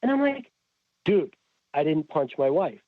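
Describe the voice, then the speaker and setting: Podcast guest, Connecticut man, lively retelling with many restarts, lo-fi phone-quality audio. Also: fairly high pitch, unhurried, dry recording. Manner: animated, acts out quoted voices, frequent restarts. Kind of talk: storytelling in a casual chat. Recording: tinny phone-like audio, dry.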